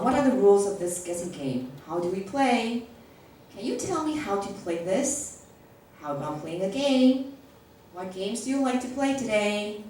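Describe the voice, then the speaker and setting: Medium in pitch with a darkish tone, a teacher trainer's voice is heard from a distance in a large echoey classroom, with slight background noise. She leads a workshop for teachers, acting out classroom phrases and regularly asking "okay?".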